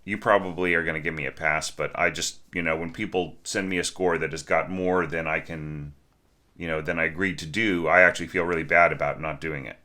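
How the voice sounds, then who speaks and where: Casting note: low-voiced male orchestration teacher, sharp tone, blunt feedback softened by apologies, hums and sings articulations to demonstrate. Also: steady tone, fairly quick. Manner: sings phrases and articulations aloud as examples; chatty, apologetic, frequent fillers. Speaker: orchestration teacher reviewing scores. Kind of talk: casual score critique.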